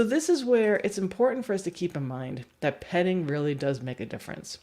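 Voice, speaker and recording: A woman's voice: lowish voice, expressive, fairly quick, hardly any pauses, mellow. A woman dog trainer giving a chatty livestream teaching talk and laughing often.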